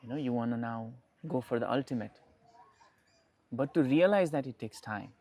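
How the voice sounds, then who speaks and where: A man's voice: medium pitch, normal speed, darkish tone. A young man, a podcast guest, talking reflectively in casual conversation and often restarting his phrases.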